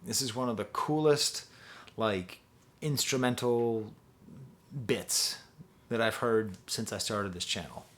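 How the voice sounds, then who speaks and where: A man's voice: fairly low pitch, slow pace, pauses often, fairly bright tone. A man giving a rambling, enthusiastic spoken album review with lots of fillers. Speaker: music reviewer.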